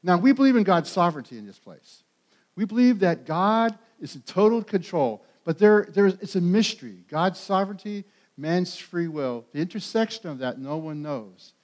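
High-voiced preaching man. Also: normal speed. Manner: animated preaching, rising to loud emphatic peaks, with repeated words and restarts. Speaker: pastor. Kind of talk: sermon.

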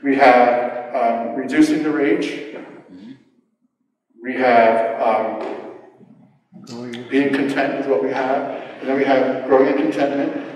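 A man preaching a casual, animated sermon to his church, acting out quotes in sudden voice jumps and poking fun at himself. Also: mid-range voice, slow pace, pauses often. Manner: animated, self-deprecating, acts out quotes with voice jumps. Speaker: pastor. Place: church hall. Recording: roomy hall, mic at a distance.

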